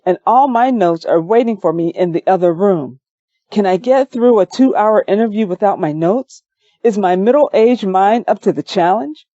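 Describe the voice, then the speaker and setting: A woman giving a measured, calm first-person audiobook narration on a close mic, in a slightly dull recording. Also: mid-range voice, no room sound.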